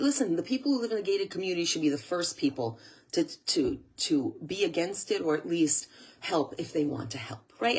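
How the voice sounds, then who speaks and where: American woman host, kinda raspy, teary and earnest, keeps circling back on her words. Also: fairly low pitch, lively intonation, fairly quick. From USA. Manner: earnest, tearful, repeats phrases. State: close to tears. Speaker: channel host. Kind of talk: emotional monologue to camera.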